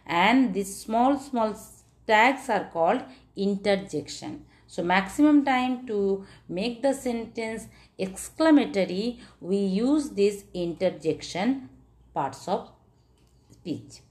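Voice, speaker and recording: Woman teacher, middle pitch, slow and careful, non-native phrasing, heavy stress on examples. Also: animated, a little mellow. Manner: slow, deliberate explaining with strong stress on example sentences. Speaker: English grammar teacher. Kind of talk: classroom-style grammar lesson.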